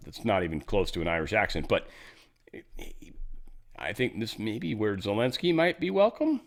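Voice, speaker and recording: A man's voice: medium pitch, sing-song, normal speed. A man hosting a casual news commentary show, rambling and sarcastic, swearing now and then and slipping into mock voices. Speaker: host.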